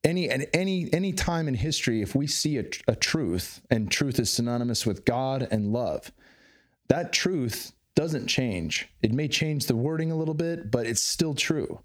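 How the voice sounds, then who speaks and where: A man in his thirties talking candidly as a podcast guest, swearing freely and getting animated. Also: medium pitch, normal speed. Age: 30s. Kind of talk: casual interview conversation.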